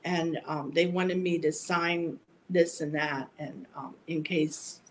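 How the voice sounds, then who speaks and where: A middle-aged woman, a guest psychic, telling a personal story in a casual, meandering way with many halting restarts. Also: deep voice, fairly even intonation, slight background noise, low-quality recording.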